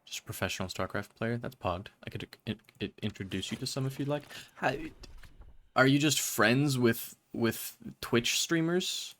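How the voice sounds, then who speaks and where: A man's voice: medium pitch, normal speed, a bit bright. A man streaming a game, chatting to viewers in a rambling, self-mocking way. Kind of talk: casual live-stream chatter.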